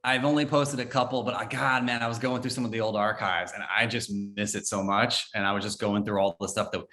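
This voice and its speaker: Young american guy on a podcast, hyped up, lots of "I, I, I" restarts, bright tense tone, lowish voice. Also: brisk. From United States. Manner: excitable, repeats words when starting sentences. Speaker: guest, former entertainment reporter. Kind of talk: casual podcast chat.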